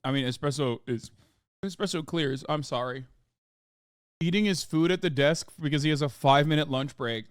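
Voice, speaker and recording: A male streamer reacting live, animated and full of swearing. His voice sits a bit high and comes through smooth and resonant, recorded dry and close. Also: moderate pace, no room sound. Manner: animated, profane, ranting. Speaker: streamer host.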